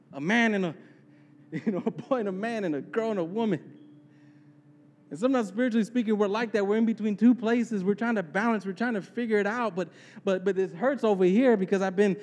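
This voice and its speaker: A man preaching with a notably high voice, earnest and repeating words as he begins each thought. His sermon rings out with a long hall reverb. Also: a little mellow. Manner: earnest, repeats words when starting sentences. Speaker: pastor.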